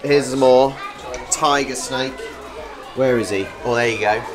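A man's voice: medium pitch, unhurried, music in the background, crowd noise. A man filming a travel vlog as he walks around a wildlife park, chatting playfully about the animals. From England. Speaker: travel vlogger. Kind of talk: casual walk-and-talk vlog commentary. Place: outdoor wildlife park and reptile house.

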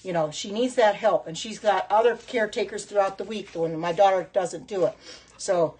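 Middle-aged lady livestreaming from her kitchen on her phone, kinda husky breathy voice, chats away and reacts to comments. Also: medium pitch, moderate pace, a little mellow. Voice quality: chatty, exclaims often, reacts aloud to comments. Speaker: livestream host reading viewer comments. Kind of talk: casual live-stream chat while cooking. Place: home kitchen.

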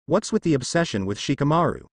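A man's voice: fairly high pitch, very animated, fast talker, dry recording, clean studio sound. A man voicing a sly, boastful teenage boy ninja.

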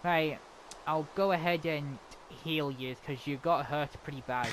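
A man giving excitable, chatty commentary while playing a game. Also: on the high side, a little slow, slight background noise. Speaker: gamer. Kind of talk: casual gameplay commentary.

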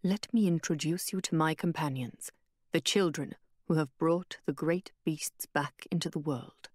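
A woman voicing a calm, solemn male warrior guide who speaks in a measured, reassuring way. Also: a little high, no room sound, clean studio sound, voice pushed down. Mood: somber.

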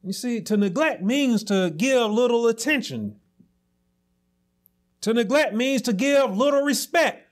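A man pastor delivering a sermon, preaching emphatically with repeated phrases and rising to shouts. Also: very high-pitched, lively intonation, measured pace.

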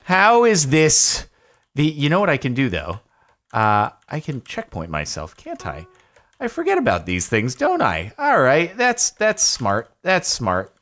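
A young man commentating his own gameplay, excitable, talking to himself and to the game, his voice jumping up when he gets frustrated. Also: medium pitch, a little slow, soft background music. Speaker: gaming YouTuber. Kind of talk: live Minecraft gameplay commentary.

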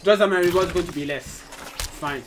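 A man hosting a gaming channel, giving excitable live gameplay commentary with frequent exclamations and repeated phrases. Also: sits high, fairly quick, noisy background. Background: game music.

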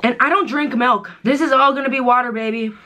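A woman's voice: high-pitched, fairly even intonation, a little fast, pushed and bright. A young woman in a casual eating vlog, talking in a dorm room, swearing and gasping at the heat of the food. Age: young adult. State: in pain from spice, coughing. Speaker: vlogger. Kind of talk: casual mukbang chat.

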